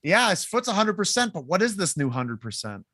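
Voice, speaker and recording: A man's voice: high-pitched, a little fast, dry recording, clean studio sound. A man co-hosting a wrestling podcast, recapping a show in casual chat and acting out quotes with laughter. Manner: animated, laughing, acts out quotes in loud voices. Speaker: podcast co-host.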